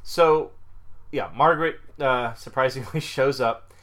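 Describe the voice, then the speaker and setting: A man's voice: medium pitch, a little slow, fairly bright tone. A man co-hosting a podcast, recapping a story in casual chat with fillers and easy laughs. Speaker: podcast co-host.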